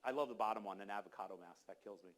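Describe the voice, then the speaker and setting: Speaking directly to a conference hall audience, this man talks in a lowish voice at a racing clip. He exhorts and emphasizes, performing the voices of the people he quotes.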